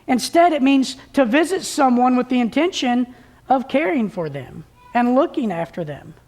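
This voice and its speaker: Woman preacher, somewhat high voice, talks to the congregation in a relaxed, homespun way and restarts her phrases often. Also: normal speed. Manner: plain-spoken, folksy, with frequent restarts. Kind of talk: conversational sermon. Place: church service.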